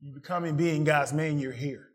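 A man preaching a sermon, asking the congregation questions and swinging from excited peaks to quiet asides. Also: moderate pace. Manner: call-and-response preaching, rising to excited peaks then dropping low.

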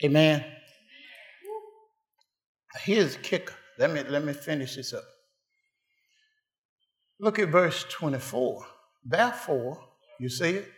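A man preaching a sermon, building to shouted climaxes and then dropping to hushed, quiet lines. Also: on the high side, animated, unhurried, pauses often, reverberant.

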